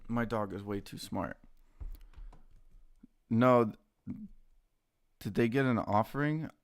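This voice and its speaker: A young man casually chatting on a live stream while trading stocks, excitable and slangy, greeting viewers by name. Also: on the low side, slow. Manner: excitable, talks to chat and his dogs, says dude a lot.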